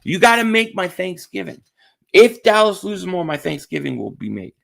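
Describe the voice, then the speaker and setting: A man's voice: sits high, big pitch swings, moderate pace, vocal fry, fairly bright tone. A man hosting a casual live stream, chatting about football and greeting viewers in the chat, repeating himself often. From Philadelphia area. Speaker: sports stream host.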